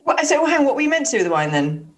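A woman's voice: high-pitched, very animated, racing. A woman co-hosting a podcast, playful and giggly in casual chat. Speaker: podcast co-host.

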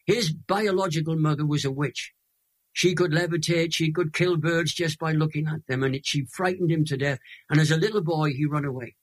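A Welsh man in his eighties, a guest telling an emotional testimony in a lively, dramatic way. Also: on the high side, normal speed. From Wales. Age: 80s.

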